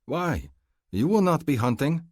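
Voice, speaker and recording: A man's voice: a little high, sing-song, unhurried, darkish tone, no room sound, studio quality, voice pushed up. A man voicing a hot-headed, stubborn alien barbarian hunter in an audiobook. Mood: protesting. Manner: stubborn and protective. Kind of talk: audiobook character voice.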